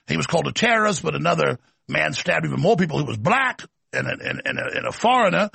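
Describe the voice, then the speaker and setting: A male show host with a heavily gravelly, husky voice, set slightly high, rants sarcastically through his commentary. The sound is close and dry, with no room around it. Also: expressive, fast talker, bright, forceful tone, no echo. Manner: ranting, sarcastic, combative. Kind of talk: political commentary monologue.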